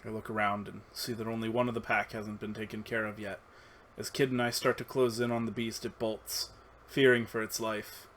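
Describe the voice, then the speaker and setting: A man's voice: on the low side, flat delivery, normal speed, a bit bright, a little hiss or hum, rough recording. A man streaming himself reading a text adventure aloud as dramatic narration, with asides. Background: game music.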